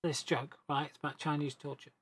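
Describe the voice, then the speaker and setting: A man's voice: fairly high pitch, flat delivery, brisk, fairly bright tone, breathy edge. A man on a gaming voice chat, telling a long joke casually and rambling, with restarts and self-corrections. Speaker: gamer on a team voice chat.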